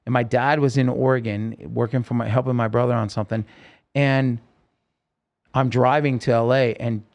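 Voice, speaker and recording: This medium-pitched man, a singer-songwriter appearing as a podcast guest, keeps a steady tone that sounds a little mellow. He shares something personal, earnest and emotional, stopping and restarting his halting sentences.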